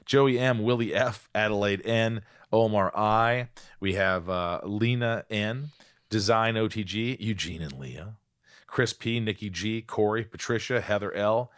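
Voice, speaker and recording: A man hosting a podcast, signing off casually, reading out names in a relaxed, joking way. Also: lowish voice, measured pace, clear, resonant tone, no room sound, clean studio sound. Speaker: podcast host.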